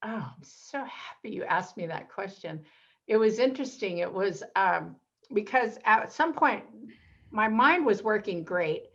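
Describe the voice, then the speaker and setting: A woman's voice: mid-range voice, measured pace, creaky. Woman guest telling stories, lo-fi sound. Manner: animated storyteller, acts out quoted voices. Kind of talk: casual interview storytelling.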